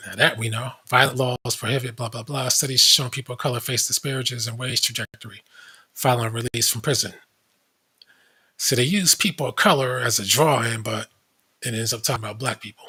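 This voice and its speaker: A man's voice: medium pitch, fairly even intonation, brisk, sharp tone, slightly rough. A man hosting a commentary show, casually reading web pages aloud with blunt asides. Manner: blunt, reads aloud from screen, frequent asides.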